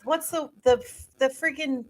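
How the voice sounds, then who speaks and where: A woman's voice: high voice, fairly even intonation, unhurried, a little mellow. A woman co-hosting a casual movie podcast, rambling and searching for words. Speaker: podcast co-host.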